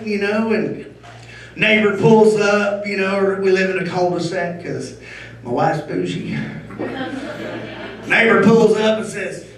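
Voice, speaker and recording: A middle-aged man doing a stand-up comedy set on stage, telling loud, punchy jokes with shouted bursts. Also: high voice, a little slow. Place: comedy venue stage before a live audience. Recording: echoey room from far off.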